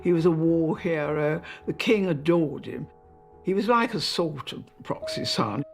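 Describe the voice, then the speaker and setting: An elderly woman, reminiscing in an interview with chatty anecdotes and soft hesitations. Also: low voice, big pitch swings, measured pace, vocal fry, music in the background. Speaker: interviewee recalling royal life.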